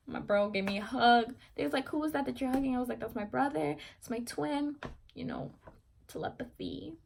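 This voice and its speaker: Young woman vlogger with a gravelly voice. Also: high-pitched, a little fast, background noise. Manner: rambling, self-correcting, animated retelling. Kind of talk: casual storytelling to camera.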